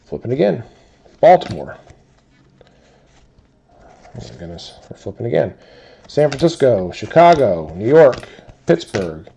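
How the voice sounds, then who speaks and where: A man hosts a card break and reads each team and player aloud in an even, listing way. His voice is low and dark with a gravelly edge, and he takes his time. Pitch sits in the middle. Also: slight background noise. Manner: steady rapid-fire listing of teams and players. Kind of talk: calling out cards in a box break.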